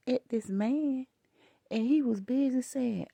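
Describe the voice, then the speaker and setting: A woman's voice: high voice, slow, vocal fry, dark tone, no room sound. An older woman, telling a story to her viewers in an emphatic, scolding way. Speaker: vlogger.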